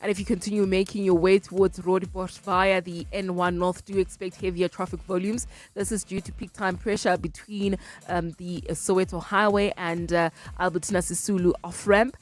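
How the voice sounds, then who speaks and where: A woman giving a radio traffic report in a steady informational way. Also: on the low side, moderate pace.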